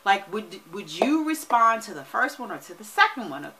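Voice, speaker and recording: Give me a forceful, energetic woman coach chatting to her viewers. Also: medium pitch, normal speed, low-quality recording. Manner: energetic and emphatic, often asks "right?". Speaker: money and wealth coach. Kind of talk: casual vlog talk to camera.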